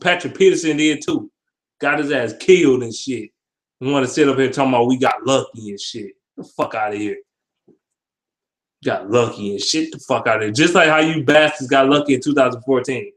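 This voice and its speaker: A fairly quick, medium-pitched man delivers a football predictions vlog. Between reading comments he trash-talks with plenty of swearing, laughing and animated in a casual, profane style.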